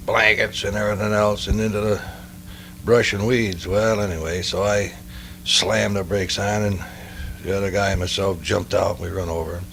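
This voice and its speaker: An older man with a gravelly, somewhat low voice tells old game-warden stories, dictated at home into a tape recorder. He rambles from one anecdote to the next and keeps circling back. A faint hiss sits under the voice. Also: fairly bright tone. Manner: rambling anecdotal, frequent "well, anyway". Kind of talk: dictated memoir storytelling.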